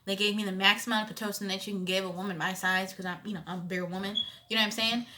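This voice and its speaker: A young woman in her twenties telling a personal story in a casual vlog, expressive and conversational, with loud emphatic bursts. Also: mid-range voice, very fast. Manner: animated storytelling with frequent "you know what I'm saying". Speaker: vlogger.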